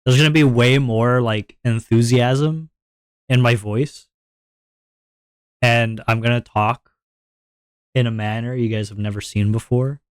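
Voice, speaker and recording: Give me a young man chatting on a live stream in a halting, self-deprecating way, often trailing off mid-thought. His pitch sits in the middle range. A close desk mic gives a dry sound with no room echo. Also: steady tone, clean tone. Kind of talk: casual live-stream chat.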